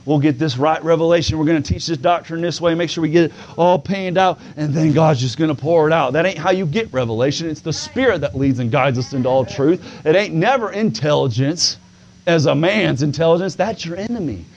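Preaching to his congregation, a man whose voice is on the high side starts in a relaxed, conversational way and builds to loud, stretched-out delivery punctuated by "come on now." The audio sounds dull.

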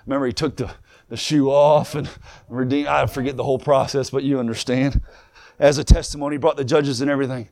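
A man preaching a fiery sermon, shouting in a sing-song cadence with swings up and down in pitch. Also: fairly even intonation, fast.

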